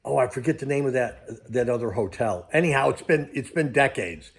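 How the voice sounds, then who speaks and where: A man's voice: mid-range voice, lively intonation, a little fast. Rambling older man vlogging casually. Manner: rambling, loses his train of thought. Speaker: crypto vlogger. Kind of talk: casual travel vlog.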